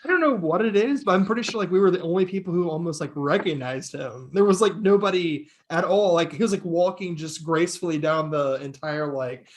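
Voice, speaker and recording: A young man co-hosting a podcast, telling stories in an excitable casual chat and laughing often. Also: high-pitched, a little fast, few pauses. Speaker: podcast co-host.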